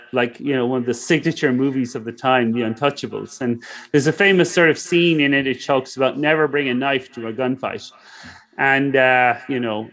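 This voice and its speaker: A middle-aged man guest-lectures at an online startup session in a medium-pitched, slightly bright voice. His delivery is casual, loose and rambling, full of "you know" and self-corrections.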